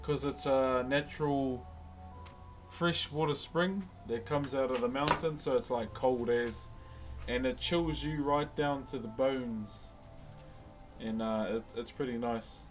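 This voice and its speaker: A man's voice: medium pitch, slow pace, poor audio. A man with a New Zealand accent, live-streaming his wood carving and chatting casually with viewers, calling everyone bro. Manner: laid-back, calls everyone bro. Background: music playing.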